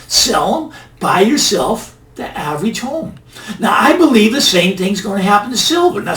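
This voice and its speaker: A man's voice: sits high, fairly bright tone. A middle-aged man hosting a finance channel, talking casually and emphatically, repeating key phrases for effect. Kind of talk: casual monologue commentary. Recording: roomy, mic a bit distant, faint ambience.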